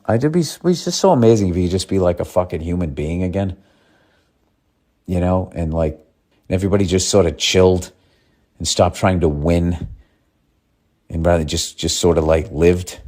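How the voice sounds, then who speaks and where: A man's voice: deep voice, normal speed, long pauses, dark tone. Profane, ranting man hosting a podcast. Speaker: podcast host. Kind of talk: casual podcast monologue.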